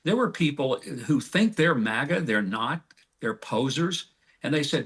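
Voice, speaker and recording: Casting note: older male diplomat guest, folksy and emphatic, mid-range pitch. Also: very animated, normal speed, fairly bright tone. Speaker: guest, ambassador. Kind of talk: TV interview answer.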